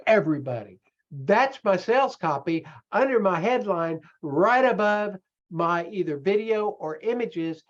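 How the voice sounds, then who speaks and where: A man coaching an audience in a loose live-streamed talk, animated and self-mocking, often slipping into other voices. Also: high voice, highs cut off. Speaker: online business coach.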